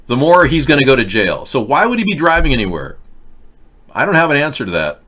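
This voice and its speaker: A man hosting a live online talk show, rambling through casual commentary with wry asides to his viewers in a fairly monotone voice. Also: mid-range voice, fast talker. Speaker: host.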